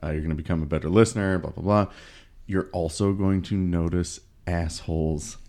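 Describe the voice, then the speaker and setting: Deep voiced dude on a podcast, relaxed, dry humor. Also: male voice, fairly quick, heavy background noise. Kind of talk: casual podcast chat.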